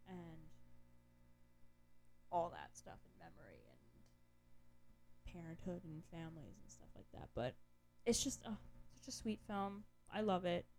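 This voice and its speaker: Chatty young woman with a lower voice. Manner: chatty, sarcastic, lots of fillers. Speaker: podcast co-host. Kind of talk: casual chat.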